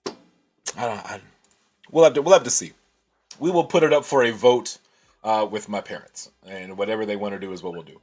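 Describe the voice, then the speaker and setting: A man's voice: fairly low pitch, fairly quick, pauses often, darkish tone. A man hosting a casual livestream, thinking aloud and answering chat with many restarts.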